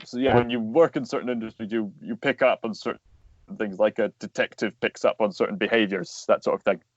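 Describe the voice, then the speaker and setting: A man's voice: lowish voice, fairly even intonation, a little fast, no room sound, dull audio. A man, a voice actor and animator, talking as a guest in a casual interview, explaining earnestly at length with plenty of fillers.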